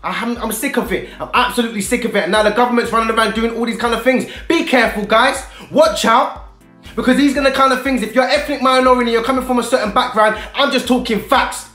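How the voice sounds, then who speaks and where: A man's voice: extremely high pitch, steady tone, fast, pushed and bright. A man delivering a heated, emphatic monologue to camera, full of repetition and street slang. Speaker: video blogger. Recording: roomy echo with faint music.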